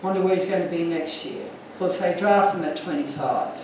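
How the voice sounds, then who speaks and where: Man giving a talk, earnest and emotional, high-pitched, recorded from afar in a reverberant room. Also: normal speed, noisy background. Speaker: speaker. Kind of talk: illustrated talk to an audience. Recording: echoey room from far off.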